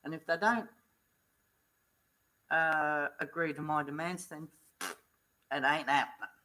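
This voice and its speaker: A woman's voice: low voice, slow, pushed and bright, slight background noise, rough recording. A middle-aged woman vlogging, earnestly retelling events in blunt, casual talk. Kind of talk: casual storytelling vlog.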